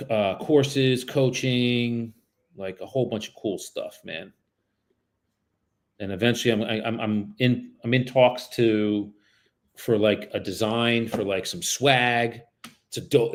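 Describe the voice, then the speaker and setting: Young male real estate broker streaming his cold calls, slangy and casual with viewers, polite on the phone. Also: on the low side. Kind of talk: live-streamed cold calling.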